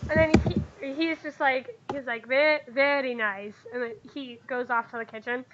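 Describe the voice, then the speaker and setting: A woman's voice: high-pitched, moderate pace, very noisy. A woman narrating as game master in a tabletop game, in a chatty way with frequent laughs. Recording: dull lo-fi recording.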